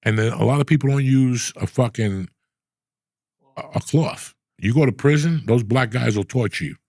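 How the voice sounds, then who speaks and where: A middle-aged podcast host leads a casual chat, rambling through blunt, profane stories. His gravelly, husky voice is medium in pitch, a little mellow, and paced normally, captured with clean studio sound and no room sound.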